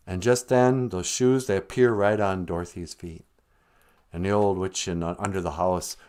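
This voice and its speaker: A man retelling a story on a live stream in an animated, casual way, humming and singing snatches as he goes. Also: sits low.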